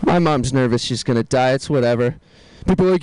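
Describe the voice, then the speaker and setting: A man doing a stand-up comedy set, telling dark jokes deadpan and tossing asides to the crowd. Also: mid-range voice, fairly quick, poor audio.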